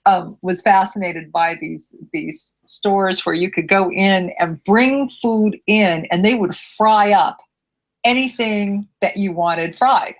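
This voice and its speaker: A woman's voice: mid-range voice, takes it slowly, low-quality recording. A middle-aged woman and writing coach, chatting casually as a podcast guest and laughing often. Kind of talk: casual chat. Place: library.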